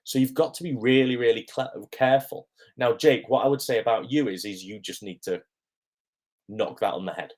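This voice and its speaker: A man's voice: medium pitch, normal speed, darkish tone. A man, an acting coach answering viewers' questions on a live stream in a friendly, chatty way with frequent ums.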